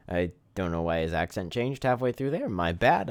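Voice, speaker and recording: Animated male streamer playing a game. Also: on the low side, normal speed, vocal fry, hardly any pauses. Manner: self-deprecating, reads game text aloud. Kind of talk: casual let's-play commentary.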